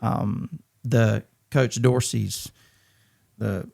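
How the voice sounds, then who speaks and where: A middle-aged man from Georgia in the US, telling his story as a podcast guest in an earnest, halting way with many restarts. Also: mid-range voice, steady tone, creaky, darkish tone. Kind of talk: candid conversational storytelling.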